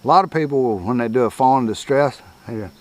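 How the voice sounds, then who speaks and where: A man's voice: mid-range voice, brisk, a little mellow. An older man, teaching coyote calling in a folksy, rambling, chuckling way. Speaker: coyote hunting instructor. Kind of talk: casual outdoor teaching.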